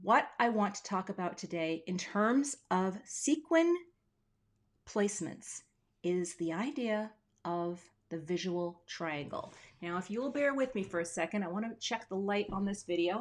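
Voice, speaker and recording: A chatty woman runs a live crafting lesson from her home craft room, talking into a webcam. She keeps things playful and light, with self-deprecating asides. Her voice sits at an ordinary, mid-range pitch for a woman. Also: expressive, normal speed. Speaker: craft teacher hosting a livestream. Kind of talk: casual live design tutorial.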